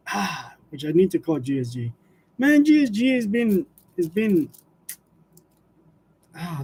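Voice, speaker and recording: A high-voiced man chats loosely with his livestream viewers. He laughs often, trails off with fillers and drifts from story to story. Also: warm tone, a little hiss or hum. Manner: laughs often while telling stories, chatty with fillers. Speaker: livestream host. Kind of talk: casual livestream chat with viewers.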